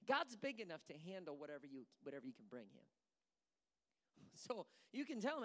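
A pastor preaching a sermon with passion, moving between hushed and forceful delivery. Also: mid-range voice, very animated, brisk. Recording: long reverb of a large room.

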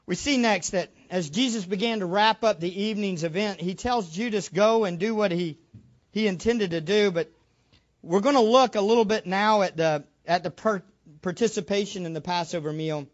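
A man's voice: high voice, normal speed, dull audio. A man preaching a sermon, asking questions of the congregation and stressing his points. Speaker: pastor.

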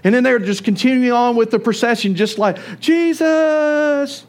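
A man preaching a sermon, telling the story with animated storytelling. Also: very high-pitched, fast. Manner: animated storytelling, acts out voices. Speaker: pastor.

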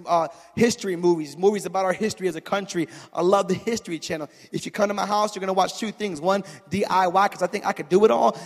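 A man preaching a sermon, telling stories in a chatty way that builds to shouted peaks and calls on the crowd for an amen. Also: sits high, in a large hall. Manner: storytelling, builds from chatty asides to shouted climaxes; calls for audience response.

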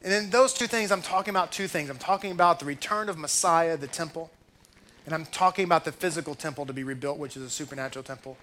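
A man's voice: on the high side, fast, bright, forceful tone, slight background noise. A man preaching a sermon as a rabbi, fervent and pleading, full of rhetorical questions. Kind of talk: sermon to a congregation.

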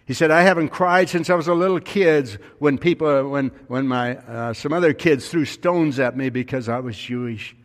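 A man preaches in an even middle register, telling a story and pushing his voice up for the big points. His words ring out with a long reverb, as in a church sanctuary. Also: medium pitch, normal speed, hardly any pauses. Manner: storytelling preacher, voice rising with emphasis. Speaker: pastor. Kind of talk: sermon.

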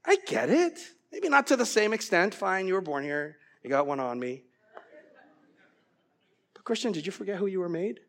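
High-voiced, animated male preacher. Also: moderate pace, pauses often. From from outside the US, naturalized American. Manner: animated, swings from loud to hushed. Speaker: pastor. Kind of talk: sermon.

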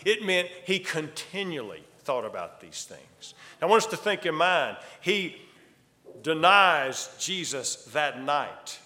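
A pastor delivers a sermon in a forceful, bright voice that sits somewhat high for a man. He preaches emphatically, rising to loud declarations and dropping to near-hushed lines. The sound rings with long reverb, as if he stands in a large church sanctuary. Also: sing-song, slow pace.

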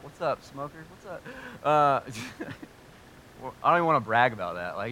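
Bright, forceful preaching man. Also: medium pitch, moderate pace. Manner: energetic, joking and talking straight to the audience. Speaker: pastor. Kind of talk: sermon. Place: hall with a live congregation.

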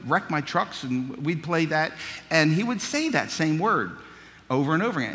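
A man preaching in a folksy, joking storytelling manner, his voice bright and forceful. His voice is a bit higher than most men's, and it rings out with a long reverb like a large sanctuary. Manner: folksy storytelling, humorous asides. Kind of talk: sermon with personal stories.

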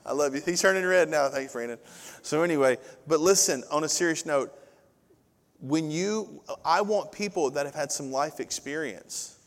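A man in his forties, a pastor, preaching a sermon in a loose, conversational storytelling way with sudden loud bursts. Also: fairly high pitch, normal speed. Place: church sanctuary. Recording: reverberant hall.

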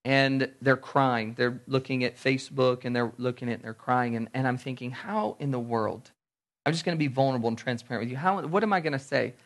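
A man preaching a sermon, animated, acting out little everyday scenes in different voices. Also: mid-range voice, quick pace, hardly any pauses. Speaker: pastor.

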